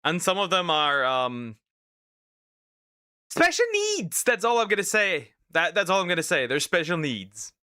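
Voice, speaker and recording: A man's voice: on the high side, lively intonation, normal speed, hardly any pauses, sharp tone, no room sound, clean studio sound. A young man reacting to videos in casual live commentary, laughing often and repeating himself.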